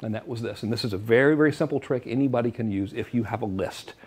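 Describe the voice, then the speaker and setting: A man's voice: medium pitch, fast, a little mellow, husky. A man giving a joking, salesy marketing talk straight to camera. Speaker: online marketing presenter.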